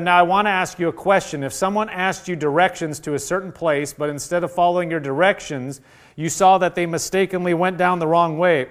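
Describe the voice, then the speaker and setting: Male preacher, slightly high voice, reads from a book aloud and stops to comment between passages. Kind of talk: sermon reading aloud from a book.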